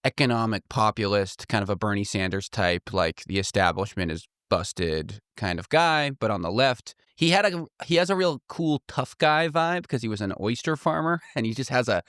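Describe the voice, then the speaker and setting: A man's voice: on the low side, expressive, moderate pace, hardly any pauses, fairly bright tone, clean tone, no room sound, clean studio sound. A man co-hosting a casual political podcast, chatty and self-deprecating, laughing often. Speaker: podcast co-host.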